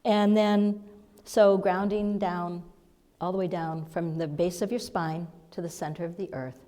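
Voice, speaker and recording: A woman minister giving a conversational sermon lesson, seated before the congregation, with soft, halting storytelling and breathy asides. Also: lowish voice, steady tone. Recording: long reverb of a large hall.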